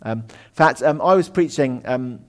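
A man preaching a conversational sermon in a lecture room, full of ums and asides, often dropping his voice low. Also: moderate pace.

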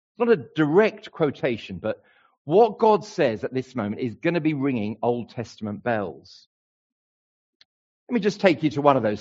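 Guy preaching to his church, bouncy animated delivery, slightly dull lo-fi sound. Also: medium pitch, husky. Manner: animated, emphatic, playful. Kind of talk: sermon. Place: church hall with a congregation.

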